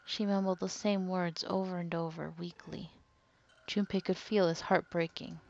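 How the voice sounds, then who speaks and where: A woman hosting a let's play, reading the game's text aloud in a measured way with lively asides, on a dull, dry recording. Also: fairly low pitch, vocal fry.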